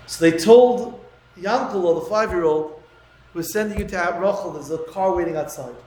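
A man telling a moving story in a talk, growing dramatic and loud at its peaks. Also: high voice, normal speed, reverberant, slight background noise, low-quality recording. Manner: dramatic, rising to near-shouting at emotional peaks.

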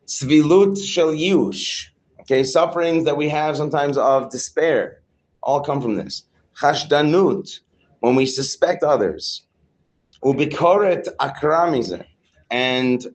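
A man's voice: medium pitch, a little mellow, poor audio. A man teaching a Torah class to students. He reads Hebrew lines, translates them into casual English with some slang, and banters with the class.

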